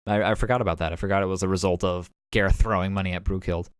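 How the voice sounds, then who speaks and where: A low, steady, clean-toned male voice races through a game master's casual recap of a tabletop session. Recorded at a home streaming setup with studio quality and no room sound, he rambles, restarting and using fillers.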